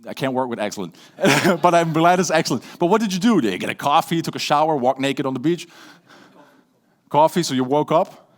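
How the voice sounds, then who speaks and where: A man with a Dutch accent giving a lively stage talk on public speaking, playful and shifting between loud and hushed delivery. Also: fairly high pitch, fairly quick. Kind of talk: live keynote talk with audience interaction.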